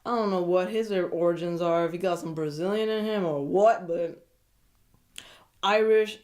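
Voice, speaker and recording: A woman with a mid-range voice chats through a reality dating show recap like gossip with a friend. She is animated and playful. She often breaks into giggles between her remarks. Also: medium pitch, moderate pace. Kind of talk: casual chatty TV recap.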